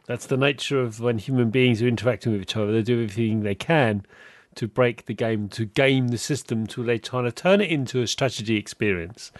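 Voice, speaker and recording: A man's voice: medium pitch, brisk, no echo, clean studio sound. A man hosting a podcast interview, chatting casually and animatedly, often laughing and acting out quoted voices. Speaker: podcast host.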